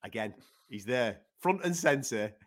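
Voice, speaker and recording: A man co-hosting a fight podcast, animated and laughing, swearing freely. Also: mid-range voice, unhurried. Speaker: podcast co-host. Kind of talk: casual MMA chat.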